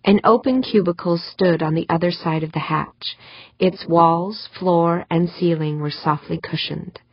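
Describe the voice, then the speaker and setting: Brief: steady woman audiobook narrator, lower voice, close dry muffled sound. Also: unhurried, breathy edge, dry recording. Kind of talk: scripted narration.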